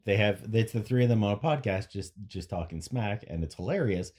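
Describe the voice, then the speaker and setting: A man's voice: on the low side, animated, fairly quick, a little mellow, husky. A man co-hosting a podcast, rambling through jokes and stories in casual chat, often restarting his sentences. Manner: rambling, joking, trails off and restarts. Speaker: podcast co-host.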